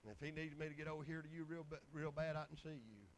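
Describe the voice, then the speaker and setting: High-voiced folksy preacher man. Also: fast talker, slight background noise, poor audio. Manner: folksy, rambling testimony with scripture quotes. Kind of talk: sermon.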